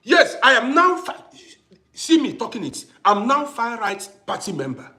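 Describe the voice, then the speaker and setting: Middle-aged man, high voice, swooping animated delivery, emphatic livestream rant. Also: moderate pace. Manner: emphatic, repeats phrases for effect. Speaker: livestream host. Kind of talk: impassioned livestream monologue.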